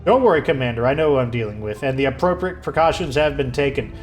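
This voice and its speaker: A man reading aloud the formal, measured lines of an honorable, grieving older nobleman from a video game. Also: mid-range voice, animated, soft background music, close to an everyday voice.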